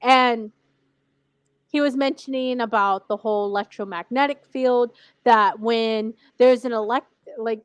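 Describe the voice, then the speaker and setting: A woman co-hosting a casual TV recap podcast, rambling and animated, saying "like" constantly and laughing often. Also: fairly high pitch, clean tone, no room sound. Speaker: podcast co-host.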